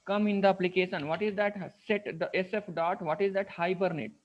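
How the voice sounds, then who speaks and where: A man's voice: sits high, fairly even intonation, brisk. A man with an Indian English accent teaching a live coding class, asking his students "right?" and "what is that?" again and again as he works through each step. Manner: repeats "what is that?" and "right?" while explaining step by step. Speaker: programming instructor. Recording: dull lo-fi screen recording.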